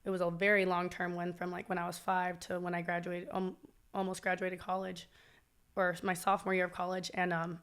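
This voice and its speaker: A woman's voice: on the low side, monotone, a bit bright, clean tone. A young adult woman, a podcast guest talking frankly and chatting in a casual conversation. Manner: frank, chatty, quick to agree.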